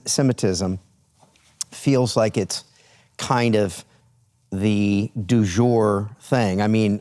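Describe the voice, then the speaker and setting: A talk-show host from Texas, speaking in a fairly low voice with a relaxed, rambling delivery. He restarts and repeats words as he tells his anecdote. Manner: storytelling with many restarts. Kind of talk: casual studio talk show.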